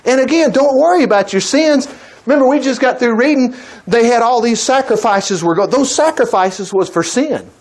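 A man preaching a sermon, retelling a Bible story in a folksy, animated way with frequent chuckles. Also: extremely high pitch, normal speed.

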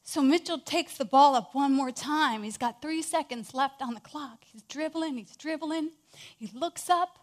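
A woman with a high voice telling an inspirational story in a sermon. She is animated and swings between hushed moments and loud ones. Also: a little slow. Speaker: speaker.

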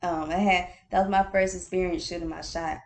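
A woman with a slightly low voice hosts her own podcast, talking alone in a loose, candid way. She laughs often, repeats phrases for emphasis and calls the listener honey or baby. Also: steady tone, fairly quick. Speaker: podcast host. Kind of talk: casual solo podcast talk.

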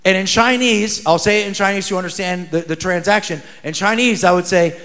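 A man from New Jersey preaching as a guest, telling funny stories with animated, joking energy. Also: high-pitched, brisk. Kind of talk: sermon with humorous storytelling.

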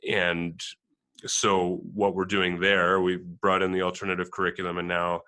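A man hosting an interview, talking in a relaxed way and telling stories with fillers. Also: sits low, normal speed, clean tone. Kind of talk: conversational interview.

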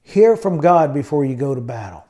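A man's voice: fairly high pitch, sing-song, moderate pace, dark tone. A man preaching a sermon in an emphatic style, often adding amens and hallelujahs. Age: adult with college degree. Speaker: pastor.

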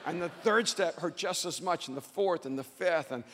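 Loud, bright-voiced male speaker in a hall. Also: fairly high pitch, a little hiss or hum. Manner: loud and emphatic, often near a shout, with slow dramatic phrasing. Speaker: motivational speaker. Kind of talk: motivational speech to a live audience.

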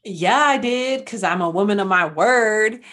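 A woman co-hosting a podcast, chatty and quick to laugh in casual conversation. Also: mid-range voice, fairly bright tone, a little hiss or hum. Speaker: podcast co-host. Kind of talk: casual chat.

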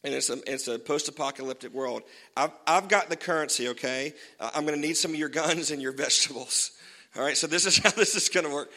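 Male pastor, fairly high and bright voice, casual joking sermon, long church reverb. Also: a little fast. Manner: casual and joking, many fillers.

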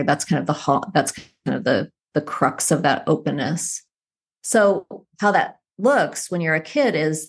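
A woman with a notably low voice, speaking as a psychologist guest on an interview show. She tells stories in a thoughtful, unhurried way, easing from one point to the next. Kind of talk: conversational interview.

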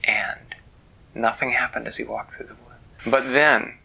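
A man telling a children's bedtime story, gentle and playful, dropping into hushed whispers. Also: medium pitch, little pitch movement, moderate pace, vocal fry, breathy edge, low-quality recording.

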